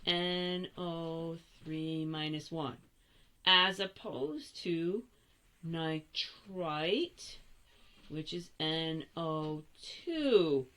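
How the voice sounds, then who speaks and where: An older woman walks through a chemistry lesson at an unhurried, slow pace. Her voice sits a little low, and she talks in a chatty, playful way, catching and fixing her own slips. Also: pushed and bright. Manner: chatty, self-correcting, playful asides. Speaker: chemistry teacher. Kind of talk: recorded classroom lesson.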